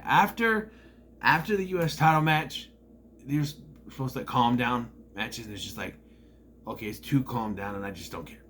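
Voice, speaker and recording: Young man, casual wrestling recap, lively swooping pitch, rambling, faint background hum. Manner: rambling, animated, acts out quotes in loud bursts. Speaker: wrestling video reviewer.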